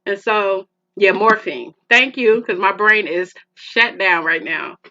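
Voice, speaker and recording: A middle-aged podcast host speaks slowly in a mid-range, pushed, bright voice, heard through muffled lo-fi sound with a faint hiss. Her personal story comes out emotional and rambling, with many restarts, and she addresses the listener as "girl".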